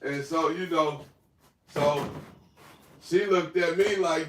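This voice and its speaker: Slow-talking man telling a story in an echoey room. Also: a little high. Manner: profane, animated, rambling. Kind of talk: casual storytelling. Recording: echoey room, far from mic, faint noise.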